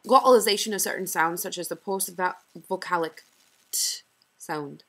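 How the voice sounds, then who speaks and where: Young woman, student presenter, breathy voice, slightly low pitch, careful word-by-word reading. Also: a bit bright, poor audio. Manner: reads slowly, pausing to demonstrate word examples one by one. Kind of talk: reading a class presentation on dialect.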